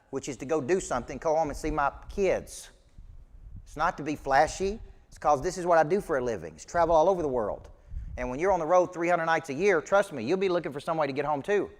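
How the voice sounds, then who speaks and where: A man's voice: on the high side, a little fast, long reverb tail. A man with a Southern US accent giving a live business coaching talk, emphatic and folksy, quizzing his audience. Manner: emphatic, folksy and preachy, asks the audience questions. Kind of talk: live motivational training talk.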